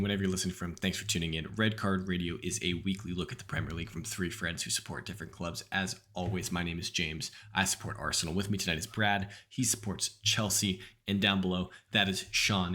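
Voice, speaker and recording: A man's voice: low-pitched, a little fast, hardly any pauses, bright, forceful tone. A man hosting a podcast in loose, casual chat. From United States. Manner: loose and chatty, many "like" fillers. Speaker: podcast host.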